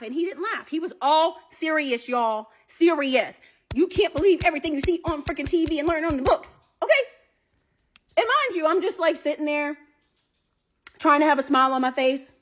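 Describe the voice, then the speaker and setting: A woman telling a story in a casual, animated way, talking straight to her listeners and swearing freely. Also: high voice, normal speed. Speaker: storyteller recounting a date.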